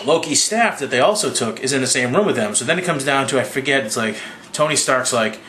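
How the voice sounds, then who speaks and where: A slightly drunk young man rambling through a profane, casual movie recap with quick impressions. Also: mid-range voice, lively intonation, sharp tone, echoey room, a little hiss or hum. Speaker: movie reviewer.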